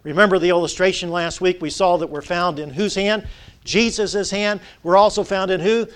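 A man's voice: sits high, fairly even intonation, moderate pace. A male Baptist pastor, preaching a sermon, drawing out key words and prompting the congregation to answer. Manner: call-and-response with the congregation.

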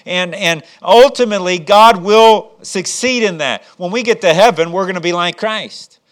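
A man's voice: sits high, moderate pace, fairly bright tone. A man preaching a sermon as pastor, with frequent restarts, rhetorical questions and rising emphasis.

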